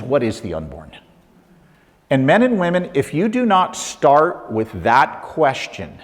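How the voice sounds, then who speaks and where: A middle-aged man giving a lively talk to an audience, asking rhetorical questions with playful asides, on a mic in a lecture hall. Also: medium pitch. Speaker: speaker. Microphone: handheld or lapel mic. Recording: long hall reverb.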